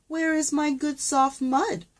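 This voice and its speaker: A woman voicing a small, grumpy young male pig who loves mud, with high squealing exclamations. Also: fairly even intonation, takes it slowly. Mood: whiny.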